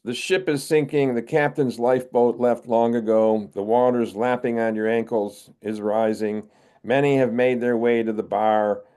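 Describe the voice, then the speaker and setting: An older man from the United States, giving a wry, measured poetry reading as a poet. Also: medium pitch, dark tone. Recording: narrow phone-like video call audio.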